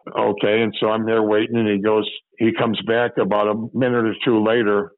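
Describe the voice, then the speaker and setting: A man's voice: fairly low pitch, level tone, a little fast, no echo, phone-quality sound. An older man from Chicago, a former police officer telling stories from his career in an interview, rambling and repeating phrases as he remembers. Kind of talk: storytelling interview.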